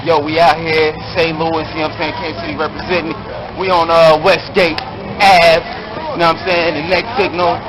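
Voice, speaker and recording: A man rapper shouting out his crew before a show, loud, excited and talking fast. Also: on the high side, poor audio. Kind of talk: hype vlog shoutout. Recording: loud crowd outdoors.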